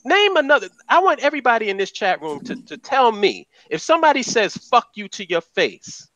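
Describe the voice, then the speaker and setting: Male guest, blunt profane talker, lively swinging pitch; dry close sound. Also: fairly quick, dry recording. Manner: blunt, profane, animated storyteller. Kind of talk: heated casual live-stream discussion.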